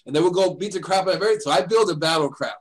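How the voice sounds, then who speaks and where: A man's voice: high voice, rapid-fire, poor audio. An older man hosting a radio show, chatting casually and rambling through stories. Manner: rambling storyteller, acts out voices in his anecdotes. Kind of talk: casual chat.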